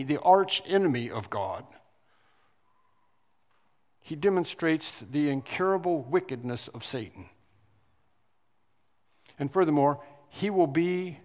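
A man's voice: fairly high pitch, big-room sound. A man preaching a sermon earnestly, building to emphatic stresses and often restarting his sentences. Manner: earnest, rises to emphatic stress on key words, with frequent restarts.

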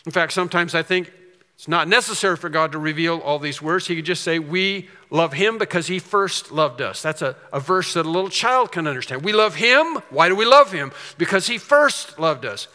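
A man's voice: sits high, expressive, normal speed, bright, forceful tone, long reverb tail. A man preaching a sermon as a pastor, earnest and emphatic, with storytelling asides.

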